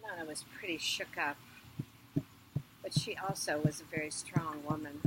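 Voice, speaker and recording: A woman telling a myth at an outdoor fire circle, dramatic, with loud swells in her voice. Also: sits low, fairly even intonation, moderate pace, noisy background. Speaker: storyteller. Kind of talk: oral storytelling at a ritual.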